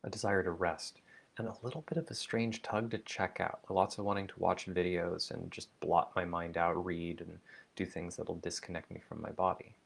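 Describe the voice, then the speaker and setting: A man talking slowly and thoughtfully in a personal video diary, musing aloud with many fillers and restarts. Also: low-pitched, flat delivery, gravelly. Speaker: vlogger. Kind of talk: reflective spoken diary.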